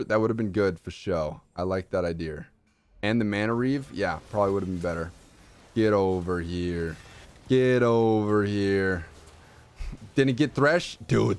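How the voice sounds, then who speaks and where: A young man streaming live gameplay commentary, excitable, swinging from low mutters to shouts.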